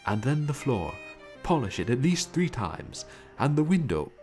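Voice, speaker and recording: A man reading a dating game aloud, voicing a haughty rich pigeon who barks curt, slow orders. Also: medium pitch, big pitch swings, a little mellow, pitched above the performer's own voice, lightly acted. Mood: bossy. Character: haughty rich male pigeon, bossy council president. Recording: game music behind the voice.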